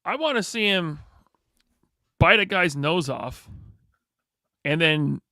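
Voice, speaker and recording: Gravelly, bright-voiced joking host. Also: male voice, fairly high pitch, animated, slow, no echo, clean studio sound. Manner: joking, curious, teasing. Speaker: livestream host. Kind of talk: casual livestream chat.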